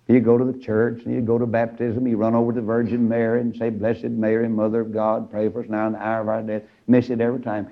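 A man preaching a storytelling sermon, acting out the characters and rising into high shouts. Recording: dull lo-fi old recording.

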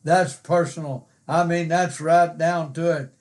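Slow, emphatic older man preaching. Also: fairly high pitch, steady tone. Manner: slow, emphatic, repeats words with many fillers. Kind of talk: sermon.

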